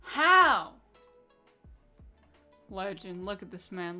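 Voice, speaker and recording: A woman streaming live, talking loosely to her chat at a middle pitch. She is crude and teasing, with a lot of "like" and swearing. Soft music plays faintly underneath. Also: normal speed. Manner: profane, blunt and teasing, with a lot of filler "like". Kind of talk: casual live-stream chat, reacting to viewer messages.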